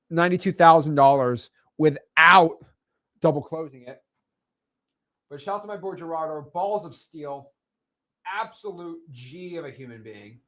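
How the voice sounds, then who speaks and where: A man in his twenties hosting a casual livestream, talking in a hyped, boastful and excitable way. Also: on the high side, moderate pace, pauses often, no room sound. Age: 20s. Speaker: host.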